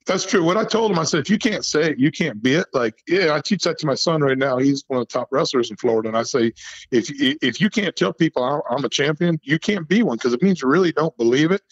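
A man in his fifties, a former high school football coach, spins animated stories and acts out quotes, often breaking into laughter. His voice sits a little high for a man and comes through dry and dull, like a lo-fi call line. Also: fast talker, no echo. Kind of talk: casual storytelling interview. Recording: dull lo-fi phone-call audio.

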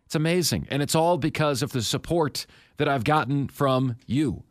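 A man's voice: mid-range voice, normal speed, dry recording, clean studio sound. A man hosting a sports talk radio show, speaking with confidence and emphasis and repeating key points.

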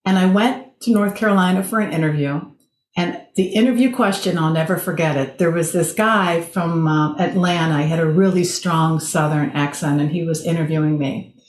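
A woman, a podcast guest, telling stories from her career in a casual, animated way. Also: lowish voice, slight background noise. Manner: animated storyteller, laughs while telling anecdotes. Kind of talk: casual conversation. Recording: roomy echo.

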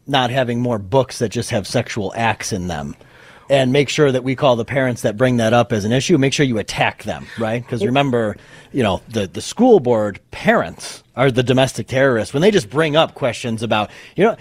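A man's voice: mid-range voice, animated, fairly quick, slightly rough. A man co-hosting a talk show who keeps his remarks sarcastic and jokey. His voice sits in a normal middle range. The sound is dry and close with no room echo. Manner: sarcastic, joking. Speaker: podcast co-host. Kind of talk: casual political commentary.

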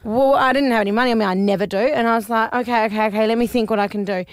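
A woman's voice: on the high side, fairly even intonation, very fast, no echo, clean studio sound. A woman hosting a podcast, chatty and laughing often as she tells stories. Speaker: podcast host. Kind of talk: casual chat.

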